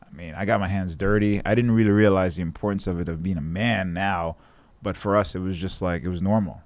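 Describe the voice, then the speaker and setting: A man's voice: sits low, fairly even intonation, brisk, no room sound. A man in his thirties from Jamaica, a guest in a casual interview, talking reflectively and acting out the voices he quotes. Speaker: guest fighter.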